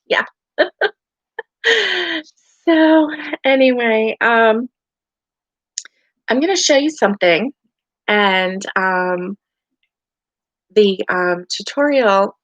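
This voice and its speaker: A woman's voice: a little high, expressive, extremely slow, long pauses, fairly bright tone, no echo. A middle-aged woman with a Southern US accent, hosting a casual live crochet chat at home, rambling and tired, with many fillers. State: tired and yawning. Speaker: crochet livestream host. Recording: dry, dull lo-fi home stream.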